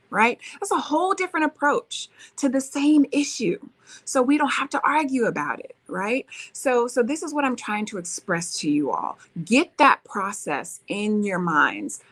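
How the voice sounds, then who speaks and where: A woman's voice: a little high, a bit bright. A woman hosting a relationship advice talk, coaching listeners and reading viewer comments, often checking in with "right?". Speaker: relationship talk show host.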